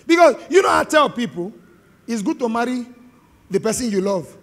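Man, Nigerian accent, pastor, very high voice, lively preaching, reverberant hall. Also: moderate pace. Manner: animated, joking, call-and-response with the congregation. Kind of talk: sermon. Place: large hall with live congregation.

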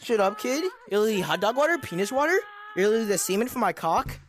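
A woman's voice: mid-range voice, lively intonation, rapid-fire, slight background noise, natural voice. A woman playing a cocky, trash-talking young online gamer who keeps taunting other players. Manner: taunting, bragging, repetitive insults. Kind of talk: gameplay role-play impression.

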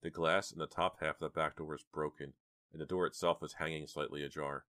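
With an extremely deep voice, a male narrator reads a horror audiobook steadily and in a measured way. The recording is dry and close.

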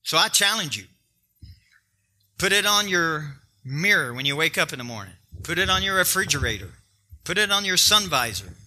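Bright, high-voiced man preaching. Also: animated, normal speed. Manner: emphatic, joking preaching that talks straight to the congregation. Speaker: pastor. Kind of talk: sermon.

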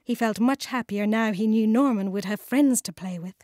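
A British woman narrating a children's storybook, warm and clearly enunciated. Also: a little high, no room sound, clean studio sound. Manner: warm, slow, clearly enunciated, sing-song. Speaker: audiobook narrator.

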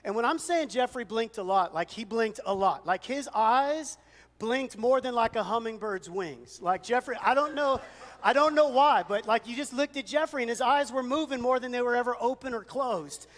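A man with a fairly high voice delivers a sermon from a church sanctuary. He preaches conversationally, telling stories and poking fun at himself. His words trail off into a long hall reverb. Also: moderate pace, a bit bright. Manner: conversational storytelling with self-deprecating humor. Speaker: pastor.

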